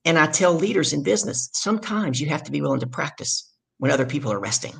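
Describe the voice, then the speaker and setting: Loud, gravelly-voiced Southern woman. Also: low voice, quick pace. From Deep South, US. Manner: loud, energetic. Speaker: guest, leadership coach. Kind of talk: storytelling in a podcast interview.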